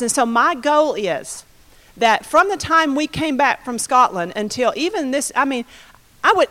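A woman giving a sermon testimony, telling her story in an animated way and acting out the quotes. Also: a little high. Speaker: preacher. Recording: reverberant hall.

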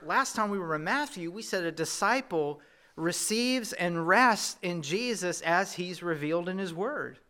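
A man's voice: sits high, pushed and bright. A male pastor with a Southern US accent preaching a sermon in a conversational way, asking his listeners questions as he goes.

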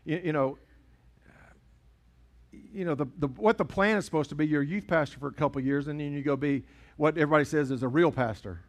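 Storytelling pastor, higher voice. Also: male voice, fast. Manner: storytelling, conversational preaching with acted dialogue. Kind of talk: sermon.

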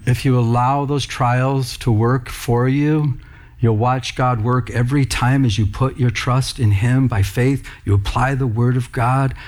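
A man's voice: mid-range voice, steady tone, measured pace, darkish tone. A man preaching a sermon in church, talking conversationally and with emphasis, calling out to the congregation. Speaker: pastor.

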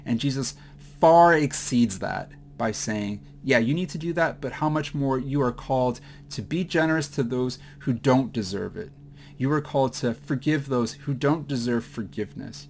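A man giving a mid-week Bible teaching, halting with many fillers and restarts, at times choked up with emotion. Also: mid-range voice, slight background noise.

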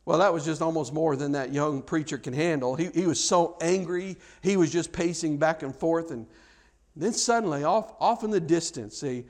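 A man's voice: fairly high pitch, normal speed, darkish tone. A man preaching a sermon, telling a story with acted-out dialogue and frequent stammered repeats.

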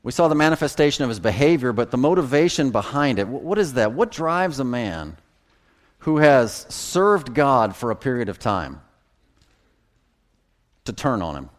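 A man preaching a sermon as a pastor, folksy and animated, chuckling at his own jokes. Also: medium pitch, moderate pace.

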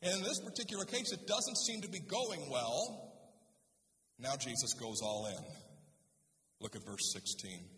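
A man's voice: medium pitch, lively intonation, a little slow, long pauses, bright, forceful tone. A male pastor preaching a sermon in a conversational way, reading scripture and asking the congregation rhetorical questions, in a church sanctuary. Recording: echoey hall, speaker far from mic.

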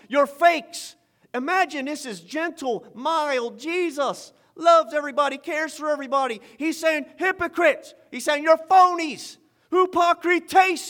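High-pitched fervent male preacher. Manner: fervent, swings from loud emphasis to quiet asides, repeats phrases. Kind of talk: sermon.

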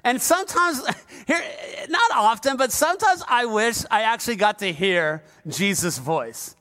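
A male pastor preaches a sermon in a conversational, humorous way, turning often to the congregation. His voice sits very high for a man and sounds bright, and he talks at an unhurried, slow pace. A long reverb from a large church hall follows him. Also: expressive.

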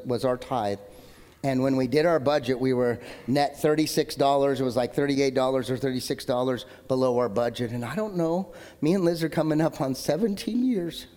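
A male pastor in his thirties preaching a sermon in a conversational, joking way, swinging between loud emphatic lines and low asides. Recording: long hall reverb.

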